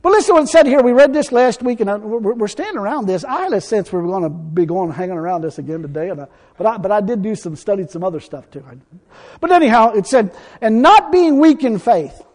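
A man preaching a fiery sermon, folksy and blunt, now and then breaking into shouts. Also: sits high, animated, fast talker.

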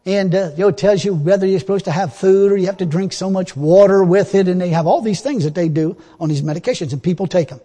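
A male preacher delivers a sermon fast with hardly any pauses, his high-pitched voice slightly husky and his grammar plain and folksy. He swings between loud, pressing exhortation and quiet, confiding asides, and the long reverb of a church hall surrounds his voice.

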